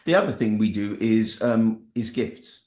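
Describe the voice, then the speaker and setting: A man's voice: lowish voice, expressive, a little slow, a little mellow. A man, speaking as a parent on a panel and chiming in to add to his co-speaker's points. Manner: chimes in and echoes his co-speaker. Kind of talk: panel talk. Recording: echoey room.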